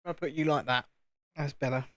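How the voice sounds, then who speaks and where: A man's voice: a little high, fairly even intonation, a little fast, fairly bright tone, dry recording. A British man hosting a casual live stream from home, chatting and joking at his own expense while building. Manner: chatty, joking, self-deprecating. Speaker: channel host.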